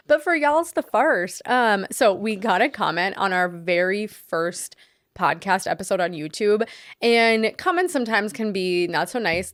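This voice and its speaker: A woman's voice: mid-range voice, no room sound, studio quality. Chatty young woman podcast co-host. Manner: chatty, earnest, says "like" and "um" often. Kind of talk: casual chat.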